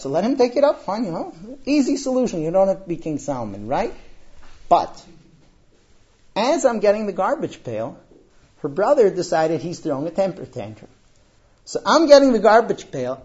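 Animated parenting speaker, dull lo-fi sound. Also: mid-range voice, brisk. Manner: animated storyteller who acts out quotes. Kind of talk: parenting talk to a live audience.

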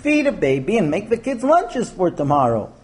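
A man's voice: sits high, very animated, normal speed. A man quoting a tired wife and mother who plaintively lists her chores. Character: tired mother of young kids, complaining.

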